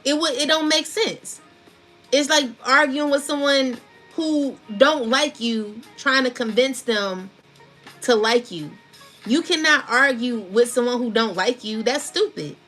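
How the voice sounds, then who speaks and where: A woman's voice: sits high, measured pace, fairly bright tone, soft background music. A woman giving a casual spiritual tarot reading, talking in a chatty, slangy, laughing way. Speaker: tarot reader.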